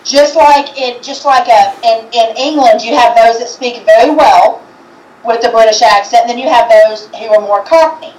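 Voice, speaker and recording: A woman co-hosting a casual chat, describing what she senses in a hesitant, halting way with many restarts. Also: on the high side, darkish tone, roomy sound, distant mic, rough recording. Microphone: video call.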